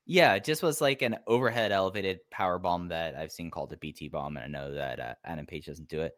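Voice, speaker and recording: Deep-voiced, enthusiastic co-host man. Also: quick pace, fairly bright tone, dry recording, clean studio sound. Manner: enthusiastic, rambling, lots of "like". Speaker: podcast co-host. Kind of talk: casual chat.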